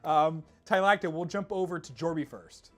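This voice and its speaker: A man hosting a casual esports panel chat, laughing often and swinging his pitch widely. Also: moderate pace, fairly bright tone, soft background music. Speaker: host.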